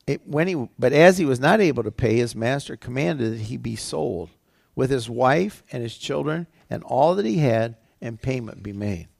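A man's voice: mid-range voice, lively intonation, normal speed, creaky, darkish tone, no echo, studio quality. A male pastor preaching a sermon, retelling scripture in a conversational, everyday way.

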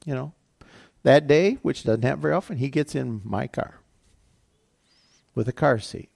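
A man's voice: medium pitch, moderate pace, vocal fry, darkish tone, no room sound, studio quality. An older man preaching a sermon as pastor, telling a personal story in a conversational way with frequent restarts. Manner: conversational, storytelling with self-corrections.

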